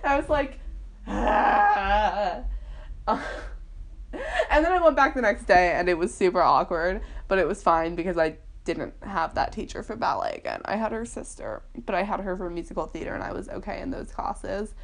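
A woman's voice: on the low side, big pitch swings, brisk. A young woman vlogger casually telling a personal story, chatty and full of fillers, laughing often. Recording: poorly recorded.

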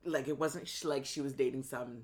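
A woman's voice: extremely low pitch, steady tone, brisk. A woman guest on a podcast, chatting about her life and acting out the voices of the people she quotes. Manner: chatty, acts out quoted dialogue, many fillers. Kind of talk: casual personal storytelling.

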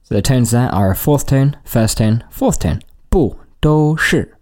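A man's voice: mid-range voice, normal speed, mellow. A man from the United Kingdom co-hosting a podcast language lesson, breaking words down and explaining them. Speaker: podcast co-host.

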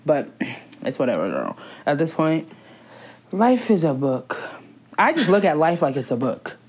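A young woman in her twenties talks in a relaxed, gossipy chat. Her voice sits a little low, and she leaps up in pitch when she gets excited or laughs. She is playful and full of slang. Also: unhurried, husky. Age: 20s. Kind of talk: casual chat.

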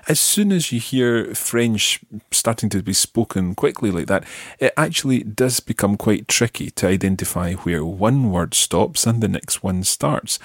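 A man teaching a podcast language lesson, patiently modelling words slowly for the learner to repeat. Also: fairly low pitch, slightly rough, dry recording, studio quality.

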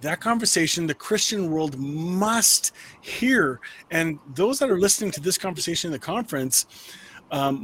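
A man hosts a video-call panel with a fairly high voice, gushing with thanks and repeating "oh my goodness". He laughs easily and keeps the talk casual. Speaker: host of an online panel. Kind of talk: casual chat.

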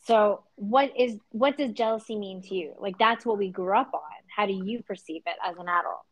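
A woman's voice: medium pitch, normal speed, low-quality recording. Chatty Canadian woman podcaster. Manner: chatty, many fillers. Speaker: podcast co-host. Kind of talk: casual chat.

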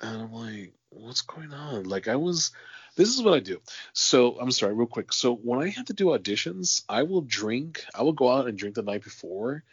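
A man's voice: mid-range voice, sing-song, moderate pace, slightly rough, dry recording, muffled recording. A man hosting a casual interview, telling long rambling stories full of fillers and casual swearing. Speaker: podcast host.

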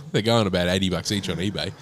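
A laid-back Australian man with a low, deep voice, chatting easily as a podcast co-host. He laughs often and keeps the talk loose and unhurried. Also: slight background noise. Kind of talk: casual chat. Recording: podcast mic in a small room with a humming air conditioner.

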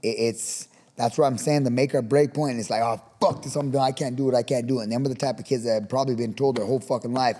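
Fast-talking boxing coach guy, dark mellow voice, lots of cussing, roomy reverb. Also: mid-range voice, steady tone. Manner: profane, fired-up, acts out shouted coaching. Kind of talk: casual podcast interview.

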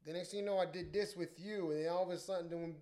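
A young man who works as a DJ, telling profane, animated stories in casual podcast chat. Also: high-pitched, fast. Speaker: DJ and podcast co-host. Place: podcast studio.

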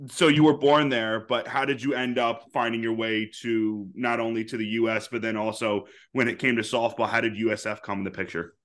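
A man hosting a sports podcast, asking questions in a halting way with many fillers and restarts. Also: mid-range voice, flat delivery, fairly bright tone. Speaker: podcast host. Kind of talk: casual podcast interview.

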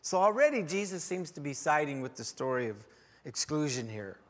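A man preaching a sermon as pastor, telling a story with wry humor and swings in loudness. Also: on the high side, sing-song, brisk. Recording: long hall reverb.

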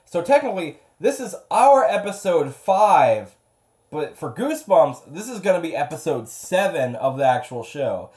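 A podcast host in their thirties with a gravelly voice, chatting casually and rambling about a TV episode. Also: mid-range voice, moderate pace. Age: 30s. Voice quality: gravelly, smoker-like. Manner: rambling, animated, swears. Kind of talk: casual chat.

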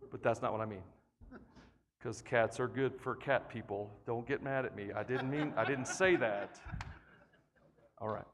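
A man preaching a sermon as pastor, playful and joking, building to energetic emphasis. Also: medium pitch, unhurried, long pauses, slight background noise. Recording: long reverb of a large hall.

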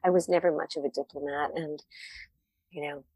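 Candid woman author, low dry voice. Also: steady tone, brisk, a little mellow, slightly rough, dry recording. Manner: candid, reflective, laughs often. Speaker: wine writer, author. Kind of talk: interview answers.

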